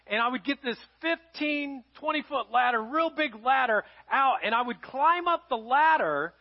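A middle-aged pastor preaching a sermon, telling a family story and swinging between loud emphasis and hushed, quiet lines. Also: male voice, sits high. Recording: dull lo-fi sound.

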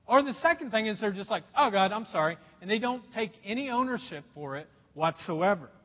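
Brief: high, lively male pastor, slightly husky, preaching in a long-echo hall on a dull recording. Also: brisk. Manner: emphatic, repeats key phrases, drops to quiet. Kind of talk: sermon. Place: church auditorium.

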